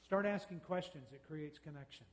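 A man giving a talk on parenting, folksy and conversational, acting out quick exchanges with kids. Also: on the high side, in a large hall. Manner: folksy, uses quoted dialogue and quick mock exchanges. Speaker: speaker on parenting, radio host and counselor.

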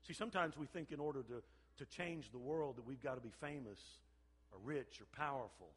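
An older man, a pastor, preaching a sermon with animated storytelling and repeated phrases. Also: mid-range voice, a little fast, breathy edge. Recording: long hall reverb.

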